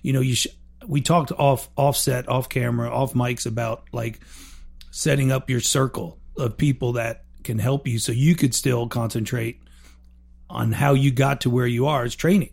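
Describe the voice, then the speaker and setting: A man's voice: mid-range voice, fairly even intonation, normal speed, creaky, darkish tone. A man hosting a podcast, a coach asking questions in a rambling, joking way with many fillers. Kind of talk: casual interview chat.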